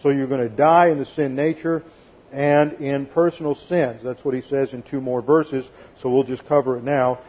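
A pastor delivers a methodical expository sermon, reading scripture aloud and walking through Greek grammar, now and then voicing a quote sarcastically. His voice is mid-range and slightly rough, with fairly even intonation and a normal pace, captured on lo-fi audio.

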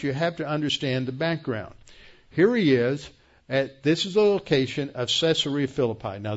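Casting note: man in the middle of his range, a pastor teaching scripture conversationally, slightly muffled recording. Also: medium pitch. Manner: conversational, explanatory, with fillers and restarts. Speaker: pastor teaching Bible study. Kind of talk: sermon-style Bible teaching.

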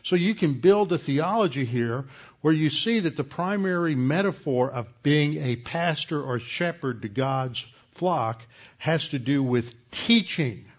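A man's voice: fairly high pitch, lively intonation. Man teaching a Bible lecture, muffled. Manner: measured, explanatory, self-correcting.

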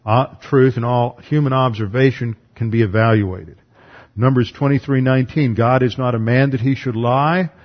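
Methodical man teaching scripture, lo-fi. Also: medium pitch. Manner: methodical, reads scripture aloud between explanations. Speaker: Bible teacher. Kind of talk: numbered Bible lesson.

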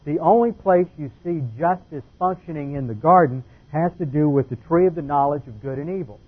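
A man's voice: a little high, a little fast, slightly rough, narrow, tinny audio. A man preaching a methodical doctrinal Bible lesson, laying out numbered points and careful definitions.

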